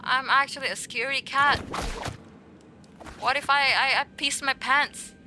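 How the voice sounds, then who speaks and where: A woman with a high, sharp-toned voice streams a game, speaking unhurriedly with fairly even intonation. She teases her viewers playfully and answers chat in a relaxed, casual manner, while faint music plays behind her.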